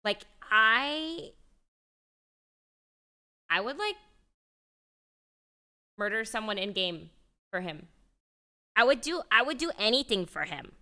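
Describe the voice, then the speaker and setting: Young woman, streamer, casual chat, bright tone, loose and profane. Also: on the high side, big pitch swings, slow pace, long pauses. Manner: chatty, swears freely, many fillers.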